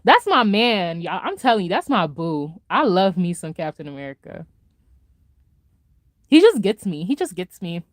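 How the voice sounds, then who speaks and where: A woman vlogger in a casual reaction chat, gushing and excitable, laughing often and swinging between loud highs and soft mutters. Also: normal speed, no room sound, studio quality.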